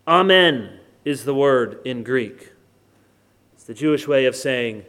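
An American man preaching an expository sermon, stressing key words by slowing down and dropping in joking asides. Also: medium pitch, animated, a bit bright. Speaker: pastor.

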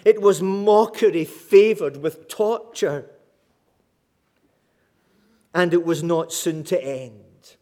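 A male preacher with a notably high voice delivers his sermon slowly and deliberately. He builds his points dramatically and leans on repeated phrases for emphasis. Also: dark tone.

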